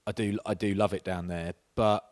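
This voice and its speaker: A man's voice: on the low side, flat delivery, normal speed. A man, chatting on a podcast and telling stories with laughs and swearing. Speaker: podcast co-host. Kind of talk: casual chat.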